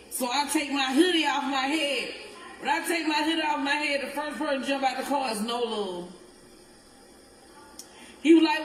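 A woman's voice: sits high, normal speed, pauses often. A middle-aged woman, telling a story in rambling, swearing casual talk, recorded echoey and far from the mic. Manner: rambling, swearing, laughs as she talks. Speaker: interviewee in a clip. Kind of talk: casual live video talk.

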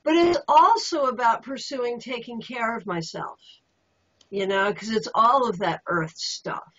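A woman's voice: a little high, unhurried, fairly bright tone. A woman hosting a tarot talk show, chatting casually and affirming her guest with enthusiasm. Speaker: host. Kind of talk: casual chat about tarot. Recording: dull lo-fi audio.

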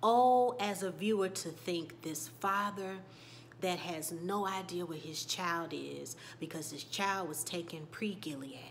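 A YouTube TV recap host, a woman with a fairly low voice, recaps a show casually at a measured pace. She shifts animatedly from loud outbursts to hushed whispers and reacts emotionally, with slight noise in the background.

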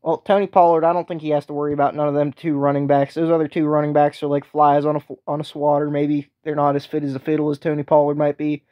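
A swaggering, foul-mouthed co-host with a thick put-on accent, as a man does the voice, sitting a little high in pitch. He talks crude and belligerent, like he's itching for a fight, and the sound is dull and lo-fi. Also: fairly even intonation, brisk, dry recording, close to an everyday voice. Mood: brash, crude.

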